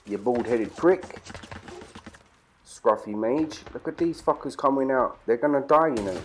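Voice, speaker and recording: A man's voice: medium pitch, expressive, unhurried, a little hiss or hum. A man from Britain hosting a let's play, swearing and trash-talking his enemies as he plays. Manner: profane, rowdy trash talk. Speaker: gaming channel host.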